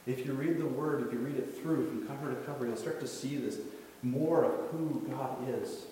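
A man preaches in a relaxed, conversational way, acting out the people in his stories. His voice rings through a large, echoing hall and is picked up from some distance. There is a faint hiss in the background. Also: medium pitch, moderate pace. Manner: casual, storytelling, acts out quotes. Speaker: youth pastor. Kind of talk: sermon. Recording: echoey hall, distant mic, faint noise.

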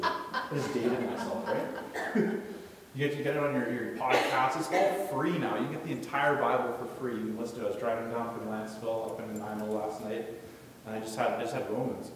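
Male pastor in an echoey hall. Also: medium pitch. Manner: casual, storytelling, acts out quotes. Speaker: youth pastor. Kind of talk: sermon. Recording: echoey hall, distant mic, faint noise.

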